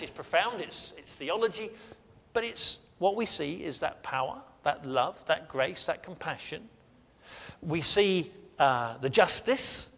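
A man's voice: fairly high pitch, creaky, a bit bright, long reverb tail. A man leading a sermon, earnest and emphatic, asking the congregation questions and repeating phrases for stress. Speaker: pastor.

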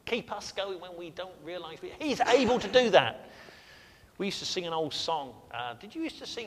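A man's voice: high-pitched, lively intonation, normal speed, vocal fry, long reverb tail, slight background noise. A man leading a sermon, earnest and emphatic, asking the congregation questions and repeating phrases for stress. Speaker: pastor.

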